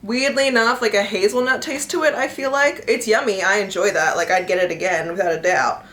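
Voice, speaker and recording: In an echoey room, a twenty-something book vlogger rambles casually with lots of filler words and giggling, also recording outside on her lunch break. She speaks briskly in a mid-range voice with a fairly bright tone.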